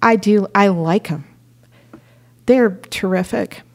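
A woman talks about faith in a lively, storytelling way, her pitch sitting in an ordinary middle range. She tells her stories with energy and laughter. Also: slow. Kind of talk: faith-based conversation.

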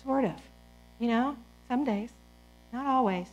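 A woman in her forties giving a lively, conversational Christian talk to parents, often quoting scripture as if speaking the words herself. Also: on the high side, unhurried, muffled recording. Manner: animated, conversational, quotes scripture in character. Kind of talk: talk to a church audience.

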